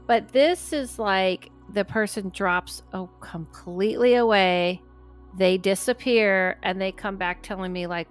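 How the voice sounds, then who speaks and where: A woman's voice: mid-range voice, measured pace, faint music behind. A middle-aged woman hosting a podcast, chatting casually and animatedly, acting out the voices in her stories. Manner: animated storyteller who acts out quoted voices. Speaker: podcast host and medium.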